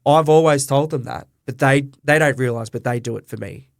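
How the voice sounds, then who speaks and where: A man's voice: mid-range voice, brisk, gravelly, no echo. Middle-aged Aussie man, earnest guest storyteller, dry close sound. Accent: Australian. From Australia. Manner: earnest, emotional storyteller who acts out quoted dialogue. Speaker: guest, butcher and business owner. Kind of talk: candid storytelling interview.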